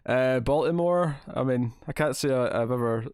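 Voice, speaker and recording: A man's voice: medium pitch, a little mellow, clean tone, no echo, studio quality. Wry man chatting with live chat. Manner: wry, self-deprecating, laughs often. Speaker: livestream host. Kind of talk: casual chat reading viewer comments.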